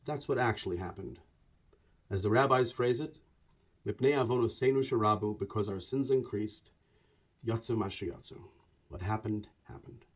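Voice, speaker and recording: A man delivering a conversational storytelling monologue about religion. He talks in an animated, digressive way and piles up repeated words. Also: lowish voice, normal speed, long pauses. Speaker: religious commentator.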